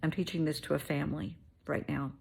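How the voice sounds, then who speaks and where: Middle-aged lady with a low gravelly husky voice, motherly pep talk, goes soft and whispery sometimes. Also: little pitch movement, fairly quick. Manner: soothing, motherly, calls listener honey; drops to soft whispers at times. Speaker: host.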